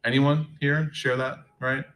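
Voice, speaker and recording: A man's voice: mid-range voice, unhurried, distant mic, a little hiss or hum, poor audio. A man giving a faith talk to a live audience, telling humorous stories with lots of fillers. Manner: animated, humorous storytelling, many fillers.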